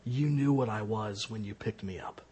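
A man putting on a hushed, sly rattlesnake. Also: on the low side, normal speed, breathy edge, pitched below the performer's own voice. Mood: cold. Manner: hushed, whispering, coaxing. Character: sly pleading rattlesnake, cold and deceitful.

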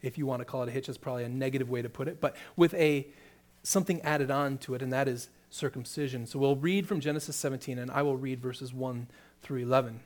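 A man's voice: mid-range voice, fast. A man preaching a sermon, reading scripture aloud and then explaining it with rising emphasis. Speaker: pastor.

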